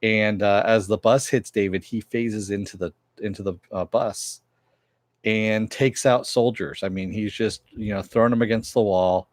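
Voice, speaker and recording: A man's voice: lowish voice, steady tone, moderate pace, dry recording. A man casually recapping and reviewing a TV episode, rambling with many fillers as he retells the plot.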